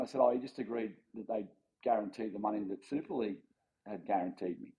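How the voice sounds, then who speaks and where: A man in his forties with an Australian accent and a fairly low voice, yarning as a podcast guest. He talks casually and acts out the other people in his story. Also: fairly quick, low-quality recording. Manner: animated anecdote-telling with quoted voices and chuckles. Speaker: former rugby league player, podcast guest.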